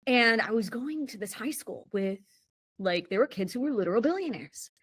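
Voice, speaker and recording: A woman's voice: fairly high pitch, lively intonation, normal speed, a bit bright, slight background noise. Chatty American woman telling her story. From United States. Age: 30s. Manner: rambling, full of "like" fillers and restarts, laughs often. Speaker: podcast guest. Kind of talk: casual personal storytelling.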